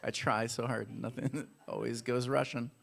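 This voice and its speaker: A man's voice: medium pitch, level tone, normal speed, gravelly, fairly bright tone. A man preaching a casual, playful sermon in a church, talking straight to the congregation. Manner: playful, chatty, addresses the congregation directly. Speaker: pastor. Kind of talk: casual sermon with audience games. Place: church hall.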